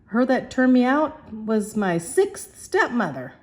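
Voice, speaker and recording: A woman voicing a poor, defiant young flower girl who talks in a shrill, pleading, stubborn way. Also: big pitch swings, slow.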